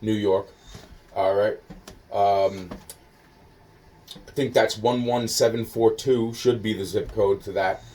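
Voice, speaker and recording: A man on a phone call, rambling and halting, full of fillers and swearing, slowly spelling things out while sounding foggy and hungry. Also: on the low side, fairly even intonation, warm tone, recorded from a distance, slight background noise. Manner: halting, filler-heavy, scattered. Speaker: caller.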